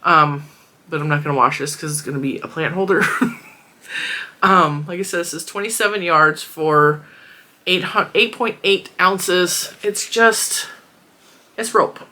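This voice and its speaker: Congested, chatty woman with a bright voice. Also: fairly low pitch, unhurried. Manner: chatty, rambling, laughs often. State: congested and a little wheezy. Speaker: crafting vlogger. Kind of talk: casual product review chat. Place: small closed room at home.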